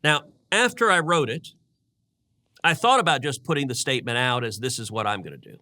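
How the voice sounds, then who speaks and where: A man talks politics on a podcast in a bright, forceful voice at a middle pitch. He speaks earnestly and repeats words as he works up to his point. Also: animated, brisk. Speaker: podcast co-host, senator. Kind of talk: casual political talk.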